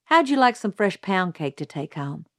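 A woman voicing a wise, kindly older neighbor woman who speaks in a measured, gently firm way. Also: medium pitch, very animated, dry recording, studio quality.

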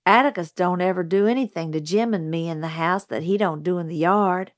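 A woman's voice: lowish voice, brisk, no room sound, studio quality, close to an everyday voice. A woman voicing an outspoken young tomboy girl who asks eager, indignant questions.

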